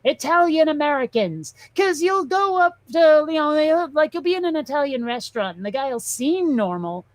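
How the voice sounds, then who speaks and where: A woman host rambling through a comic story with profane asides. Her voice sits a little high and comes across dry and close. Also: moderate pace, hardly any pauses, dry recording, low-quality recording. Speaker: show host. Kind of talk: casual chat.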